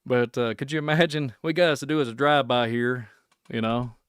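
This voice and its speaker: A man hosting a solo podcast, ranting in a rambling, excitable way. He chuckles often and trails off into muttering. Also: mid-range voice, brisk, clean tone, no echo, studio quality. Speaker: podcast host.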